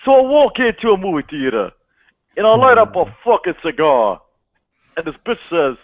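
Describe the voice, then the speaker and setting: A woman voicing a swaggering, vulgar male stand-up comic, loud and crude. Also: mid-range voice, very animated, moderate pace, narrow, tinny audio, voice pushed up. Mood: brash.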